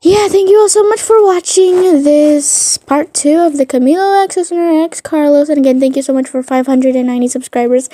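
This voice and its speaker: A woman's voice: high-pitched, measured pace, dark tone, no room sound, studio quality. A woman narrating a fan story casually, rambling with many fillers. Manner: rambling, filler-heavy, giggly.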